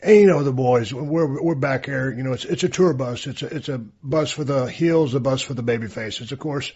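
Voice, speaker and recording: A man's voice: medium pitch, normal speed, a little mellow, husky. A man telling a story in casual chat, in a laid-back, drawling way. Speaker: podcast co-host. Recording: dull lo-fi sound.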